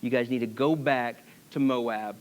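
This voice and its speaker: A man voicing a weary grieving older widow, speaking softly and low. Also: steady tone, measured pace, lightly acted. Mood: resigned.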